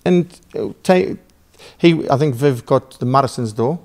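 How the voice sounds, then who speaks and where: A man from Newcastle with a broad Geordie accent and a gravelly, creaky edge to his mid-pitched voice. He tells a rambling story full of swearing and acts out every line of dialogue. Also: expressive, measured pace, darkish tone. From Newcastle, England. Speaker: podcast guest. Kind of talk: casual storytelling.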